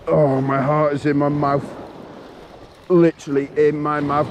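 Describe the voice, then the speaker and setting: A man talking to himself and the fish as he shore fishes, in an excited running commentary, recorded outdoors on a beach on an action camera. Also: fairly high pitch, normal speed. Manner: exclaiming, talks to himself and the fish. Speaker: fishing vlogger. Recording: wind and surf noise outdoors.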